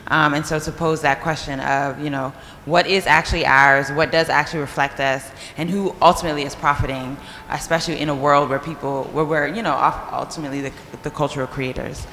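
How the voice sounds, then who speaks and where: A woman's voice: deep voice, fairly even intonation, brisk, few pauses, fairly bright tone. A woman speaking as a founder on a panel in a large hall, thoughtful and reflective, with many fillers. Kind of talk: panel introduction. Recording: long hall reverb, faint noise.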